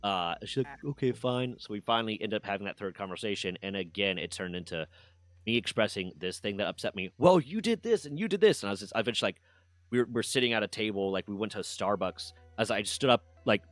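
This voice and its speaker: A man's voice: on the low side, steady tone, fast, a bit bright, no room sound, faint music behind. A man streaming, casually telling a personal story with candid swearing and mock voices for others.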